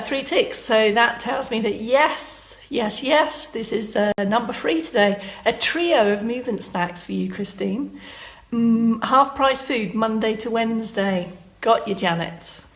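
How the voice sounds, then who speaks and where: A woman, leading a live-streamed exercise class from a room at home and chatting as she reads out viewer comments. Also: fairly high pitch.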